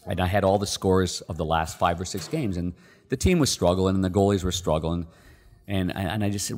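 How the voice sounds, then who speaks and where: A deep-voiced middle-aged man tells a story in a relaxed podcast chat and acts out the voices of the people in it. His voice carries a long reverb tail. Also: brisk. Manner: animated, acts out the quoted people. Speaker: podcast guest. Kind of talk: casual storytelling.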